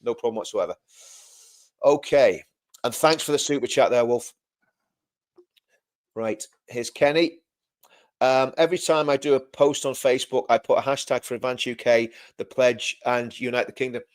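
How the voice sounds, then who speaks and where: In a mid-range voice at normal speed, a man co-hosting a laid-back livestream talks a lot, pausing often. He tends to repeat himself and laughs a great deal.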